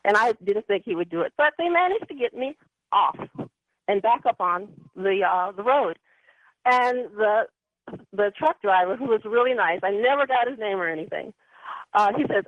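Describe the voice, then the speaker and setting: A woman's voice: medium pitch, expressive, normal speed, dry recording. Woman caller on a tinny phone line. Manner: chatty, rambling with many ums and anyways. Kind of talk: telling a personal story on a call-in show.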